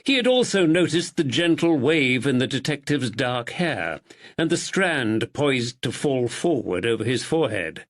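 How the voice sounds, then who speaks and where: A man reading a mystery audiobook in a measured, expressive style. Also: mid-range voice. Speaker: audiobook narrator. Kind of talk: scripted narration.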